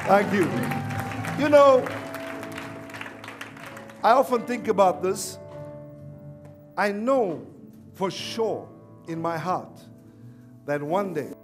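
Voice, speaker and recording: A male pastor preaching a sermon at a church service, animated and repeatedly calling on the congregation to respond. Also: high voice, slow, pauses often, over music, a crowd in the background. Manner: animated, calls for audience response.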